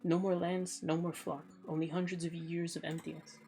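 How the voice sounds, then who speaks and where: A woman voicing a hungry, weary ancient vampire in a video game, reading the lines plainly in her own gravelly, lowish voice. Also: level tone, moderate pace, dark tone, slight background noise, close to an everyday voice. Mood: brooding.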